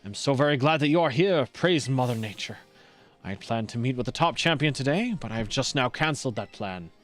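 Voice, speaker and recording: A man's voice: medium pitch, lively intonation, a little fast, a bit bright, soft background music, lightly acted. A man voicing a pompous, flamboyant male artist gym leader with a put-on French accent, speaking in a grandiose, formal way.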